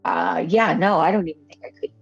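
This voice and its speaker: A woman co-host with a husky, fairly low voice asks questions in a hesitant, halting way. Her sound is dull and lo-fi. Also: faint music behind. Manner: hesitant, many fillers and restarts. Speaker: podcast co-host. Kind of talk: casual podcast chat. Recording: muffled lo-fi audio.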